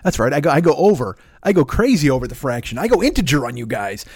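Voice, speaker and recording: A man's voice: on the high side, sing-song, fast talker, a little mellow, husky, no room sound, studio quality. A man hosting a solo podcast, talking in a casual, rambling, heavily profane way with frequent stumbling restarts. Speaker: podcast host.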